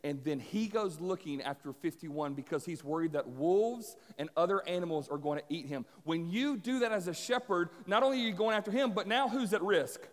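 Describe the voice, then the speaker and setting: A male preacher tells a parable with dramatic swings between booming and hushed delivery. His voice sits high for a man. A long reverb hangs in the large hall around him. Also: fairly quick, few pauses. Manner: animated, dramatic storytelling that swings from loud to hushed. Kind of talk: sermon storytelling.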